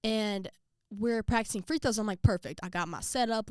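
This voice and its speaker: A young woman vlogging, casually telling a story to her viewers and acting out quotes with jumps in pitch. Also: normal speed, a little mellow, clear, resonant tone, dry recording, studio quality.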